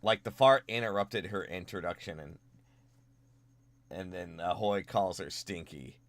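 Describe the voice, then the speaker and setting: A young man streaming from home, chatting casually with viewers while drawing, swinging between quiet mumbles and loud excited greetings. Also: low-pitched, unhurried, no echo.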